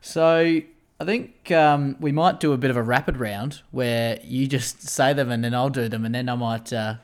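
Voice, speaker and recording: Young Aussie male podcast host, casual, giggly, mid pitch. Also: fairly even intonation, normal speed. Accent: Australian. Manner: laughs often, joking and loose. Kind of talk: casual chat.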